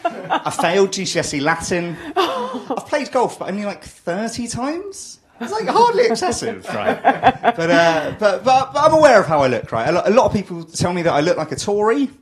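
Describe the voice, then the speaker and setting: Lively, laughing young English stand-up man. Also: high voice, normal speed. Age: 20s. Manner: lively, self-mocking, laughs through his lines and stammers on restarts. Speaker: stand-up comedian. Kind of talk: stand-up set.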